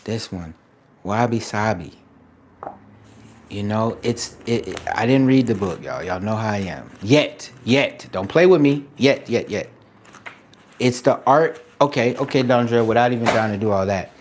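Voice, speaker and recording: A man streaming live as an artist, giving excited shout-outs to viewers in casual slang, then turning soft and reflective. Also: lowish voice, a little slow, a little hiss or hum. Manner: drops to a soft, quiet reflective tone. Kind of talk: casual livestream chat.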